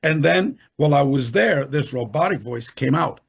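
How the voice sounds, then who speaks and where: A man's voice: on the high side, lively intonation, moderate pace, creaky, slightly rough. An older man, a retired professional, recounting his experiences as an interview guest on a video call, emphatic and repeating himself often. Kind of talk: animated storytelling in conversation.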